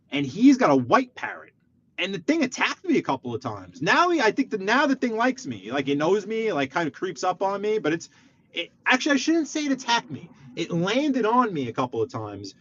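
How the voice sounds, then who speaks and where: A man's voice: sits high, lo-fi sound. Brooklyn man chatting live from his car. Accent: New York. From Brooklyn, New York. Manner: animated, rambling, talks straight to viewers. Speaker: livestream host. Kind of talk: casual live-stream chat while driving. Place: parked car on a city street.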